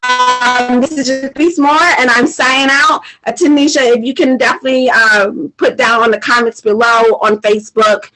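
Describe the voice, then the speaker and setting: A woman's voice: fairly high pitch, steady tone, normal speed, few pauses, bright, forceful tone, soft background music, low-quality recording. A woman hosting a casual live-stream chat, emotional and tearful, laughing often and rambling with fillers. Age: adult mother. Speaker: host.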